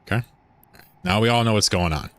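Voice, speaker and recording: A man's voice: lowish voice, a little fast, fairly bright tone. A man live-streaming a game, chatting casually and joking with viewers, swearing now and then.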